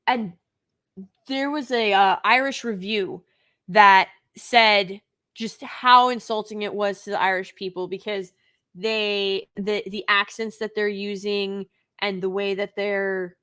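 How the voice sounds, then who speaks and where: A woman's voice: mid-range voice, steady tone, takes it slowly, fairly bright tone, clean tone. A woman hosting a live stream, giving an unscripted review in an indignant, emphatic way, with sighs and restarts.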